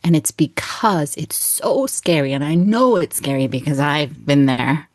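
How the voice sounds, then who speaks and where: A woman's voice: deep voice, measured pace, no echo. A woman in her thirties, a coach speaking earnestly and expressively as an interview guest, often laughing. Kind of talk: heartfelt interview talk.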